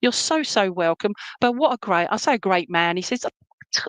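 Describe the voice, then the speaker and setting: Speaking at a medium pitch with lively intonation and normal speed, a woman acts as a spiritualist medium in an online church service. Her reading is chatty and reassuring, passing on spirit messages in homely, colloquial terms and frequently asking "okay?" or "all right?" The recording is dry.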